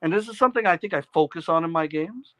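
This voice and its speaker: A man who runs tabletop games explains his approach earnestly, ticking through his points one by one. His voice is high and bright, with a crisp edge. It is recorded dry, with no room sound around it. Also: expressive, quick pace, no room sound. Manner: earnest, list-making explanations. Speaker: podcast co-host and game master. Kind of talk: casual gaming chat.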